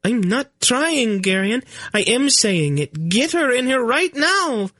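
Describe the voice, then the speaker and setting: A man voicing an exasperated young pregnant queen who talks slowly and distinctly, as if to someone slow. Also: very high-pitched, sing-song, bright, forceful tone, dry recording, studio quality, pitched above the performer's own voice, full character voice. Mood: urgent. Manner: impatient, speaks slowly and distinctly as if to a fool. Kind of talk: audiobook character voice.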